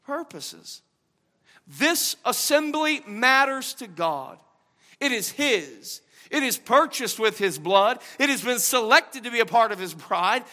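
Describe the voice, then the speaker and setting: A man pastor preaching a sermon, moving between quiet, low-key teaching and loud, emphatic preaching, and repeating key phrases for emphasis. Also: very animated, slow pace.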